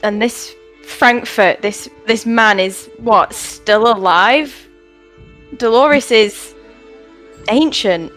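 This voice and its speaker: A woman's voice: a little high, extremely slow, a bit bright, faint music behind. A woman voicing a chained young warrior who earnestly pleads with her captors. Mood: puzzled.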